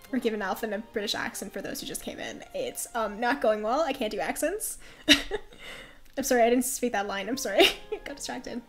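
A woman's voice: on the high side, animated, normal speed, faint music behind. A young woman streaming a game, chatting, laughing often and reading character lines aloud, with a nasal, congested voice. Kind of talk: game let's play, reading dialogue aloud.

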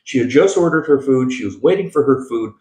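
A man's voice: medium pitch, expressive, fairly quick, dark tone. A male pastor preaching a sermon, emphatic, with call-and-response asides and frequent restarts. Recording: echoey room.

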